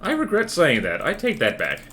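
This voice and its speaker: A man's voice: a little high, wildly swooping pitch, normal speed, pushed and bright, a little hiss or hum. A man streaming a game, chatting casually in a rambling, playful, self-mocking way. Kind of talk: casual livestream chatter while building in a game.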